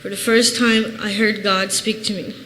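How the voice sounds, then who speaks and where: A woman's voice: mid-range voice, flat delivery, moderate pace, a bit bright. An earnest woman in her thirties tells her personal testimony in plain, heartfelt words. Her voice rings through a reverberant church hall. A faint background noise sits under the recording. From Chicago, USA. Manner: earnest, plain-spoken storytelling. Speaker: church member giving testimony.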